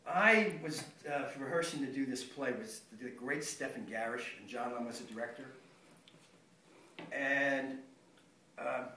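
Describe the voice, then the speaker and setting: A man's voice: medium pitch, pushed and bright. A man teaching an acting workshop, talking in a rambling, conversational way that keeps restarting itself. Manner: rambling, conversational, self-interrupting. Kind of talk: workshop lecture. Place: workshop room. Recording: echoey room, distant mic, faint noise.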